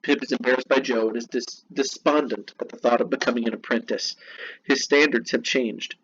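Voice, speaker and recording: A man's voice: medium pitch, fairly even intonation, fairly quick, a bit bright, husky. A man reading lesson notes aloud and explaining them with casual, chatty asides. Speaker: teacher. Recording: dull lo-fi recording with faint noise.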